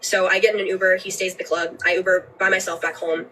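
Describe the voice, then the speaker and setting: Young woman talking fast, off-mic. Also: fairly low pitch, little pitch movement, bright, forceful tone, recorded from a distance, a little hiss or hum, poor audio. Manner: fast, earnest, with frequent halting restarts. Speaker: livestreamer telling her story. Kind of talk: personal account on a livestream.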